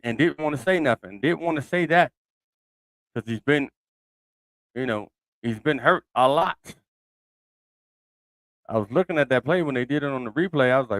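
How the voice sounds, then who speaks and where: A man hosts his own sports podcast in a loose, conversational way, thinking aloud and circling back on his points. His voice sits at an ordinary middle pitch. The sound is dry and close, with almost no room around it. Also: lively intonation, moderate pace, long pauses, no room sound. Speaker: podcast host. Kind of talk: casual solo sports commentary.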